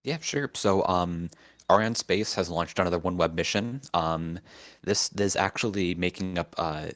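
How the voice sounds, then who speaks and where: Casting: male co-host, very deep voice, relaxed explainer. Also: moderate pace. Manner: relaxed, explanatory, many ums. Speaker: co-host, writer. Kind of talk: casual live show chat.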